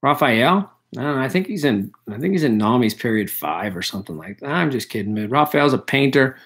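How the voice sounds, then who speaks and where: A man's voice: mid-range voice, expressive, fairly quick, fairly bright tone. A male history teacher running a casual review session, talking loosely with many fillers, and losing his voice. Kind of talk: live online review session.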